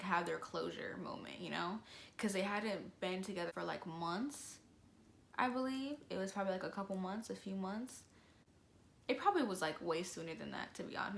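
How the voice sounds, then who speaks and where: A young woman telling a story to camera in a casual, slangy, animated way. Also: lowish voice, vocal fry, reverberant, a little hiss or hum. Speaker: vlogger.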